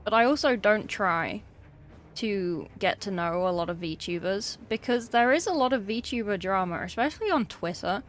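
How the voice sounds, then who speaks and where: A woman's voice: medium pitch, lively intonation, normal speed, a little hiss or hum. An English woman chatting casually on a livestream, chatty and swearing freely with exasperated asides. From England. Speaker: streamer.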